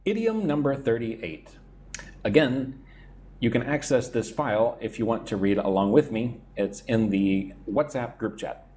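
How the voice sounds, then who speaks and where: Male english teacher on a live stream, slow and unhurried delivery, animated pitch, light background hiss. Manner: explains idioms and reads out chat comments, repeating "right?". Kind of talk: live-stream idiom lesson.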